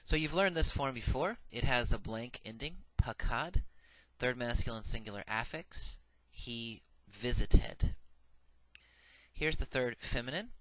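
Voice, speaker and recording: A man's voice: medium pitch, animated, unhurried, fairly bright tone, dry recording. A man giving a recorded grammar lecture, methodical and patient, saying each form twice with frequent "uh" fillers. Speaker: Hebrew grammar teacher.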